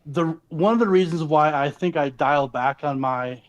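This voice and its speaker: A man being coached, talking in a dry, flat way on a casual call. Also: fairly high pitch, normal speed, lo-fi sound. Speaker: coaching client.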